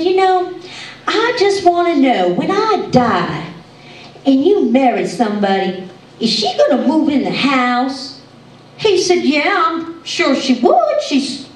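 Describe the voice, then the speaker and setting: A woman playing a folksy, giggly country comedienne, telling jokes in a live stand-up monologue on stage. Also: heavily acted. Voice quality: high, bubbly voice with frequent giggles. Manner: chatty, gossipy country storytelling. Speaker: tribute comedian. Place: stage show in a hall. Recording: echoey hall, mic from far off.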